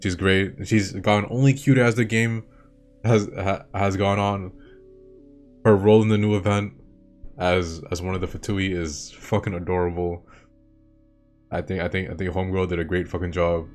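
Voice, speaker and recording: Brief: young male host, casual rambling commentary, lowish voice, soft music behind. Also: level tone, moderate pace. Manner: enthusiastic, swears often, repeats himself. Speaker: video host. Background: faint game music.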